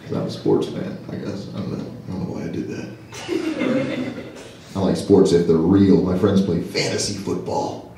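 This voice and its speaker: A man doing a stand-up comedy set to a live audience, self-deprecating and quick to jump into silly high voices. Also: steady tone, vocal fry, background noise. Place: large hall with a live audience. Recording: echoey hall from afar, crowd laughter.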